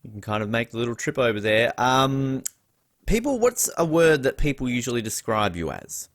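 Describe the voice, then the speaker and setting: A man's voice: mid-range voice, sing-song, normal speed. A man hosting a casual podcast interview in a chatty, upbeat way. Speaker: podcast host.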